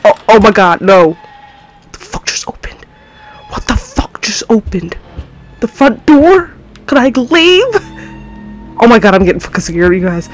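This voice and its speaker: A jumpy woman gamer narrates a horror game in let's play commentary, swearing nonstop and shrieking when startled. Her voice sits at a middling pitch and comes through her own desk mic. Faint music plays underneath. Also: very animated, unhurried, pauses often, poor audio. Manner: panicky, swears constantly, yelps and shouts in fright. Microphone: own desk mic, moved back to avoid clipping.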